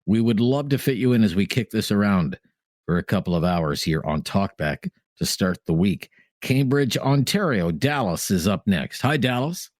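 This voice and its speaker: A man hosting a radio call-in show, briskly steering callers with short acknowledgments. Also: lowish voice, lively intonation, no echo, clean studio sound. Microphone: studio microphone.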